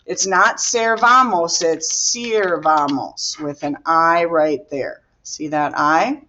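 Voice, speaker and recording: Slow, patient woman teaching grammar. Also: deep voice, bright, forceful tone, muffled recording. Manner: patient, explaining step by step while writing. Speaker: Spanish teacher. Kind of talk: recorded classroom grammar lesson.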